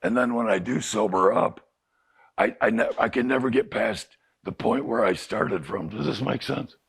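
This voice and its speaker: A man's voice: medium pitch, moderate pace, gravelly, fairly bright tone, breathy edge. A middle-aged male addiction counselor talking candidly to a recovery group, often asking them rhetorical questions. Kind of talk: group talk to clients. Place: recovery house group room.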